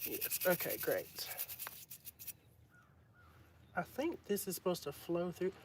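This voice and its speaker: A man's voice: sits high, sing-song, slow, noisy background. Man muttering through a repair. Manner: chatty, muttering to himself as he works. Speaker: livestreamer. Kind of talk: casual live-stream commentary while repairing. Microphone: phone.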